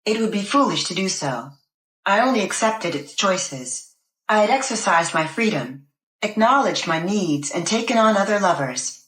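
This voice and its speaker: A woman reading a first-person novel aloud in a measured, deliberate way. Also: medium pitch, lively intonation, fairly bright tone. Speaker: narrator. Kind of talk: scripted first-person audiobook narration. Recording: roomy echo.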